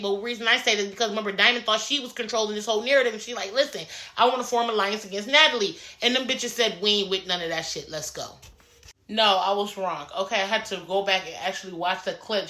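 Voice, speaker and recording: A woman, casually recapping a reality show in a blunt, profane, animated way and acting out the cast members' lines. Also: mid-range voice, reverberant.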